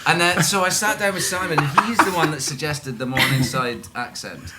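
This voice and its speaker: A man's voice: fairly high pitch, moderate pace, very noisy. A Scottish man answering at a press conference, chatty and laughing often as he restarts his sentences. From Scotland.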